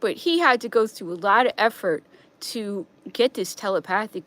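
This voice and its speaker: Alone on her stream, a woman rambles at a moderate pace in an ordinary middle-pitched voice, returning again and again to the same points. Agitated, she gets louder when worked up, then sinks into a hushed, subdued murmur, with slight background noise behind her.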